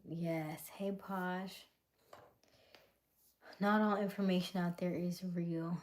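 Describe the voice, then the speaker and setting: A woman hosting a casual live stream, greeting viewers by name and reading their comments, often dropping into a soft whisper. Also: fairly low pitch, steady tone, slow. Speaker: livestream host.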